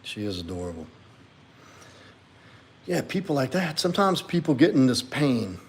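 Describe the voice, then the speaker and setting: A man hosting a casual livestream as a men's coach, reading viewer comments aloud and reflecting on them earnestly. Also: lowish voice.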